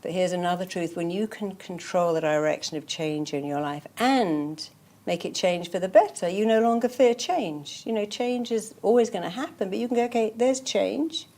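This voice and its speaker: With a lowish, warm voice at normal speed, a woman therapist in an interview tells stories and repeats affirmations. Her motivational talk is emphatic and repetitive.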